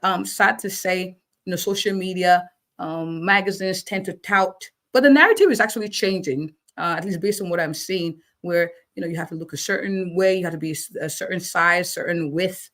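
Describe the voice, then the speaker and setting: A woman's voice: lowish voice, moderate pace, fairly bright tone. A woman physician answering interview questions, encouraging and checking in with listeners, often repeating words for emphasis. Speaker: physician guest.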